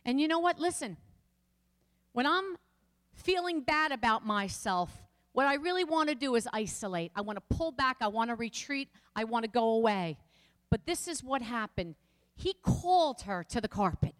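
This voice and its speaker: A woman's voice: on the high side, animated, normal speed, in a large hall. A woman pastor preaching a passionate sermon, speaking straight to her listeners with rising and falling emphasis.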